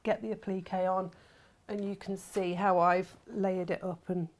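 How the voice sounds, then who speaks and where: While she sews, this crafting-workshop host keeps up casual, chatty storytelling and laughs often. She speaks at a moderate pace in a mid-range voice with little pitch movement.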